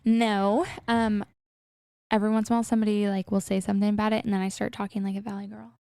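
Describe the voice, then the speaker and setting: A woman's voice: mid-range voice, flat delivery, fast, vocal fry, warm tone, smooth, no echo, studio quality. A woman from Scotland with a Scottish accent, co-hosting a book podcast in wry, easygoing casual chat. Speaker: podcast co-host.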